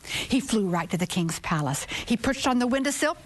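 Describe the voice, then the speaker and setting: A woman storyteller telling a children's folktale with expressive, drawn-out phrasing and sudden whispered asides. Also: fairly high pitch.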